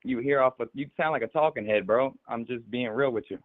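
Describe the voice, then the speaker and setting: A man's voice: mid-range voice, a little fast. Laid-back young man on a phone line. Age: 20s. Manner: laid-back slang, calls everyone bro. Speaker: caller. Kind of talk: casual phone call.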